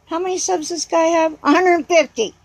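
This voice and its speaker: A woman's voice: very high voice, steady tone, fairly quick, no echo, low-quality recording. A woman vlogger in an angry rant, combative, sarcastic and swearing as she reads out and answers comments.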